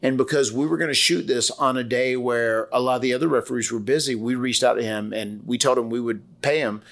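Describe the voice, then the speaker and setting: A man's voice: mid-range voice, brisk, creaky, a bit bright. A man in his forties with a Southern US accent, co-hosting a casual podcast and telling rambling stories full of quoted voices and restarts. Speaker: wrestler and podcast co-host.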